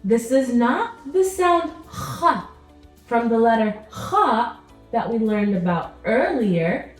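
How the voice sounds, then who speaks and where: A woman teaches pronunciation at an unhurried pace, repeating each sound patiently. Her pitch rises and falls with animated variety. She sits back from the mic in a roomy space with faint music underneath. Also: distant mic. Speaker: Arabic teacher. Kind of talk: pronunciation lesson.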